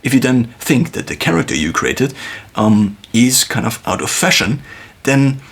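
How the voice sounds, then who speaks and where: A man thinking aloud in a reflective solo monologue, musing with pauses and restarts, recorded on a phone. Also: mid-range voice, very animated, vocal fry, fairly bright tone, a little hiss or hum. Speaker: video creator.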